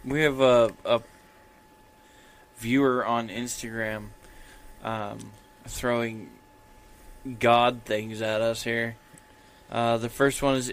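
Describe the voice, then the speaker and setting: A man's voice: mid-range voice, level tone, takes it slowly, pauses often, smooth. A man telling a work story to friends in casual chat, swearing freely and acting out what people said. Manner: swears a lot, acts out quotes animatedly.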